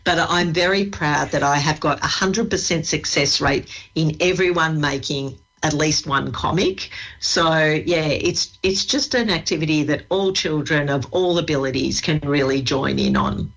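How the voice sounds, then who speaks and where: A woman's voice: deep voice, unhurried, gravelly, fairly bright tone. Bubbly Australian woman. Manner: bubbly, chatty, laughs easily. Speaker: library staff guest. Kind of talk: enthusiastic radio interview.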